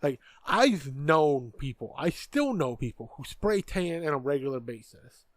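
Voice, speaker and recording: Male podcast co-host, blunt and profane, slightly high voice, dry close sound. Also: sing-song, a little slow, no room sound. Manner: blunt, profane, stammers on restarts. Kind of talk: casual political chat.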